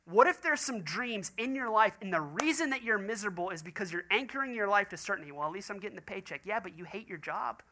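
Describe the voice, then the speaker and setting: A man's voice: sits high, brisk, few pauses. A man, a pastor preaching a sermon and telling stories in acted quoted voices. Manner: animated storytelling with quoted voices.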